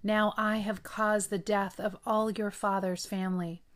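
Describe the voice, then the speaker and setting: A woman's voice: mid-range voice, flat delivery, a little slow, a bit bright, close to an everyday voice. A woman reading the lines of a grieving, protective young male warrior leader. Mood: grave.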